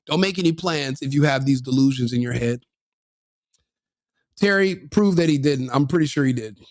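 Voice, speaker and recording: A man's voice: medium pitch, normal speed, no echo, studio quality. A man commenting on a video in a brash, mocking, combative way, laughing at his own jokes. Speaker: online commentator reacting to a video. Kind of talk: profane reaction commentary.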